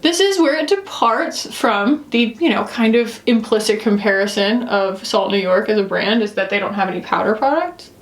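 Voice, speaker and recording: A woman's voice: mid-range voice, expressive, moderate pace, hardly any pauses, echoey room. A woman doing a casual, playful makeup review, chatting to herself as she applies products. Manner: bubbly, playful, talks to herself while applying makeup. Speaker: beauty reviewer.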